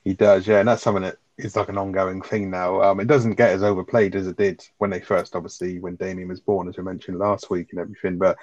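A man chatting casually on a podcast, retelling sitcom scenes with swearing and quick asides. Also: deep voice, little pitch movement, darkish tone, no room sound, lo-fi sound. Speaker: podcast co-host. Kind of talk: casual chat reviewing a sitcom episode.

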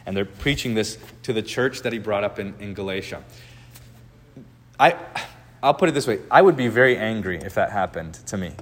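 A man preaching a sermon as pastor, talking conversationally and animatedly with many filled pauses. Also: on the low side, expressive, a bit bright. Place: church sanctuary. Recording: long hall reverb.

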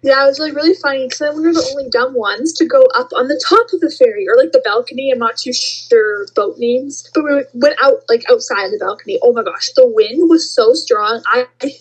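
High, breathy young woman, lo-fi. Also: brisk, few pauses. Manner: excitable, rambling, says "like" a lot. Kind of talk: casual chat.

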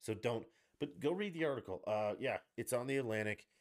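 A man's voice: mid-range voice, expressive, fairly quick. A man hosting a podcast, ranting in a blunt, profane and sarcastic way. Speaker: podcast host. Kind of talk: angry political rant.

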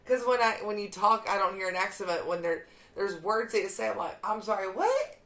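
A woman's voice: mid-range voice, very animated, brisk, fairly bright tone, reverberant. A young adult woman hosting a casual chat show, playful and teasing, laughing often. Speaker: podcast host.

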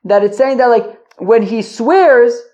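A woman's voice: a little high, unhurried, dark tone. Woman teaching Talmud, thinking aloud. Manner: thinks aloud, restarts sentences, asks listeners questions. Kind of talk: casual Talmud lesson. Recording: dull lo-fi audio.

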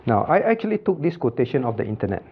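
Brief: male pastor leading a Bible class, animated pitch, muffled lo-fi sound, quizzes students by name. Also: fast, gravelly, a little hiss or hum. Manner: calls on students by name, repeats points with checking questions. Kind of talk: Bible study teaching with questions to the class.

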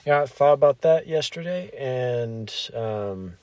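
A man co-hosting a podcast in casual chat, low-key and dryly self-deprecating. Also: lively intonation, measured pace, a little mellow, no echo. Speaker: podcast co-host. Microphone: studio microphone.

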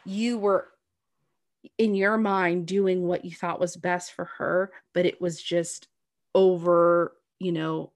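A woman's voice: fairly low pitch, level tone, slow pace, no room sound, clean studio sound. A woman in casual heartfelt conversation, talking at length in an earnest, reassuring way with lots of "like" and "you know what I mean". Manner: talkative, earnest, reassuring, full of "like".

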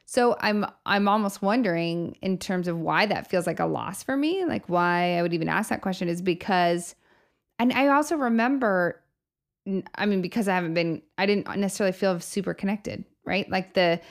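A woman's voice: mid-range voice, normal speed. A woman hosting a podcast, chatting casually and reflectively about faith, often laughing as she talks. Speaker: podcast host.

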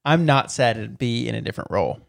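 A man's voice: mid-range voice, lively intonation, quick pace, creaky, no echo, clean studio sound. A young man co-hosting a podcast, chatting casually with a joking, emphatic manner. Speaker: podcast co-host. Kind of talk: casual chat.

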